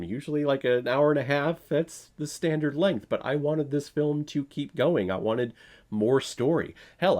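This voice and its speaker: Man, movie reviewer, casual, blunt, sarcastic, mid-pitched. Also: darkish tone. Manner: sarcastic asides, blunt, occasional swearing.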